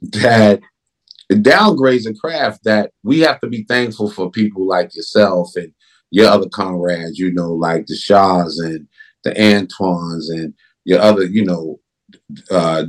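A man who directs films, talking in a casual interview in an emphatic, animated way. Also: low voice. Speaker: film director.

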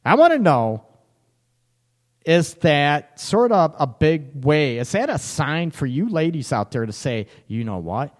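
A man's voice: on the high side, sing-song, unhurried. A man hosting a live show in casual chat, teasing, laughing often and reacting to chat comments. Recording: echoey room with long reverb.

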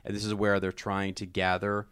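A man's voice: on the low side, completely flat delivery, moderate pace, fairly bright tone, clear, resonant tone, dry recording. A man co-hosting a casual book discussion podcast, chatty and rambling, often repeating his words. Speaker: podcast co-host.

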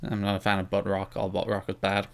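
A man's voice: low voice, completely flat delivery, fast, vocal fry. A man co-hosting a casual wrestling podcast, rambling and self-deprecating with lots of restarts. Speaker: podcast co-host.

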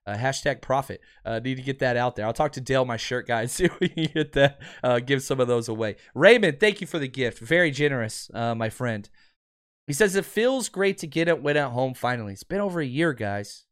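A man's voice: mid-range voice, animated, brisk, smooth. A man hosting a sports podcast, giving emphatic, ranting fan commentary and answering listeners.

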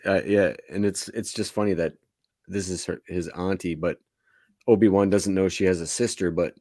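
A man's voice: low voice, moderate pace, warm tone, dry recording, clean studio sound. A man co-hosting a fan podcast in casual chat, musing aloud in short questions. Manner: brief interjections, musing questions. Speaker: podcast co-host.

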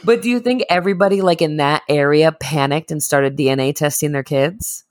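A man's voice: a little high, fairly quick. A man co-hosting a podcast in casual chat, joking and profane, laughing often and mimicking people in put-on voices. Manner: profane, jokey. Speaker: podcast co-host.

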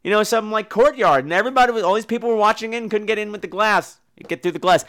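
A man's voice: sits high, rapid-fire, fairly bright tone. A man hosting a podcast, reviewing movies in a profane, sarcastic comedic rant. He swears freely and mimics the people he talks about. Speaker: podcast host reviewing films.

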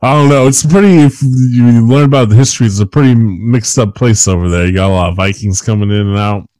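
A man's voice: mid-range voice, brisk, a little mellow, no echo. A man co-hosting a podcast who chats casually and rambles, swearing often and laughing at his own points. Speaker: podcast co-host. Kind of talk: casual chat about a film.

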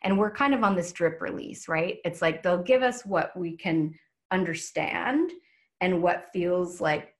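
A woman's voice: on the low side, animated, measured pace. A woman teaching casually on a live stream, chatty, with many filler words and frequent laughs. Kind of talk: casual talk.

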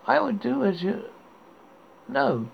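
A man's voice: high-pitched, very animated, slow pace, creaky, pitched above the performer's own voice, full character voice. A man voicing a frightened young boy who speaks through chattering teeth. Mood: tearful. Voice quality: shaky. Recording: dull lo-fi recording with faint hiss.

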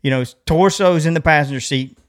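Speaking with a drawl in a voice a little high for a man, a middle-aged podcast co-host tells his partner a story casually. He's animated, laughs easily, and slips into the voices of the people he's describing.

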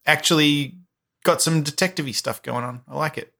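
Bright-voiced man telling a rambling story. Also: fairly high pitch, moderate pace, vocal fry. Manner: rambling, filler-heavy storytelling. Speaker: podcast co-host. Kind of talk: casual chat.

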